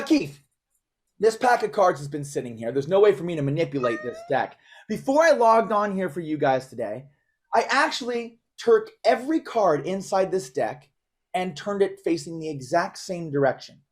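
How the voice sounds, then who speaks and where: Chatty showy male magician, lively pitch. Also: moderate pace. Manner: showy, self-mocking, chatty with volunteers. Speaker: magician performing for a live audience. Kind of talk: upbeat magic patter.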